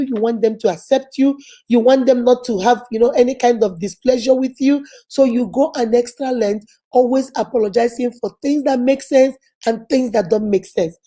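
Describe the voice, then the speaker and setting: A woman's voice: high-pitched, mellow. A woman giving a repetitive, emphatic motivational talk about self-help.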